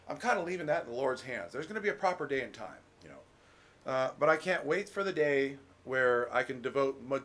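A middle-aged man preaching a relaxed, conversational sermon as pastor, folksy, full of restarts and "you know.". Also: medium pitch.

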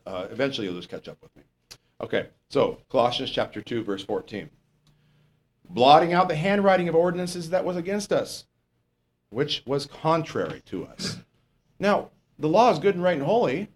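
A man preaching a sermon in a conversational way, asking the congregation questions and correcting himself as he goes. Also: mid-range voice.

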